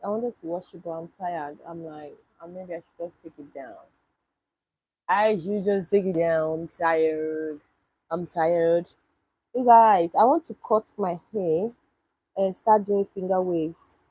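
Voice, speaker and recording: A woman's voice: on the low side, a little slow, mellow, breathy edge, dry recording, poor audio. A woman from Nigeria, chatting casually on a livestream and answering viewers' questions with wry disbelief. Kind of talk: casual livestream chat reading comments.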